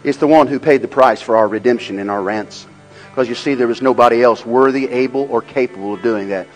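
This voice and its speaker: A man preaching a sermon. He swings between loud, rhythmic, repeated phrases and a low, quiet storytelling tone, over faint music. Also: a little fast, poor audio. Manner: swells into loud, rhythmic repetition. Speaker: pastor.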